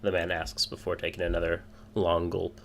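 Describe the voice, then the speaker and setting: Low-voiced game master, hesitant. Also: male voice, monotone, normal speed, vocal fry, slight background noise. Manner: hesitant, filler-heavy. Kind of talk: narrating a tabletop game.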